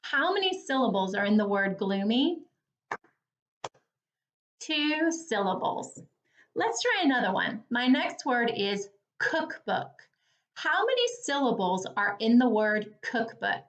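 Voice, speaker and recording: Slow, encouraging woman teaching phonics. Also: a little high, sing-song, fairly bright tone. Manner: slow, clear, encouraging, over-articulated. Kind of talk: phonics lesson for young children.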